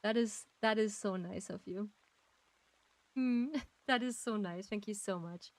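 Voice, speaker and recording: A woman's voice: mid-range voice, measured pace, rough recording. A woman streaming a game, chatting casually and gushing with frequent giggles as she thanks her chat. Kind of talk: casual live-stream chat while gaming.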